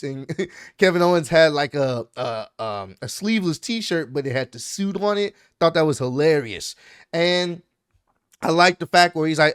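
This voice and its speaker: A man with a fairly high voice talks through a wrestling show in an easygoing, slangy vlog style. He tells it with energy and quick asides. The sound is dry and close, with no room around it. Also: clean tone, dry recording. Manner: animated, slangy storytelling. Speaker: wrestling recap vlogger. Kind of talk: casual show recap.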